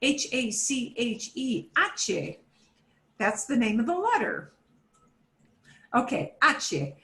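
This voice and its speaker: A woman's voice: a little high, big pitch swings, slow pace, bright, forceful tone, reverberant. A woman teaching an online Spanish class for beginners, patiently modelling words for students to repeat.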